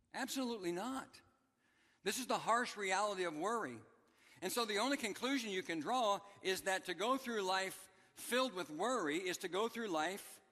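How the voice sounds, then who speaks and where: In a church sanctuary, a pastor preaches emphatically, repeating key phrases for his congregation. His high voice sounds pushed and bright, with a big-room quality.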